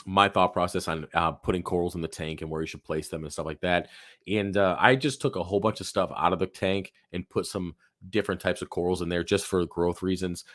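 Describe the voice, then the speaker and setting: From a home office, a deep-voiced man hosts a live Q&A stream, rambling casually with lots of fillers and restarts in a hoarse, fading voice. He talks a little fast in a steady, slightly bright tone, and the recording is dry and close.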